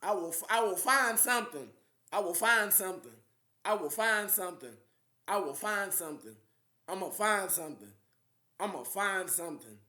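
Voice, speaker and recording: A man's voice: high voice, animated, moderate pace, bright, forceful tone. Grandiose young man in an echoey room. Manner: grandiose and defiant, fillers and repeated phrases. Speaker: self-styled spiritual leader addressing world leaders. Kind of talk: rambling monologue to camera.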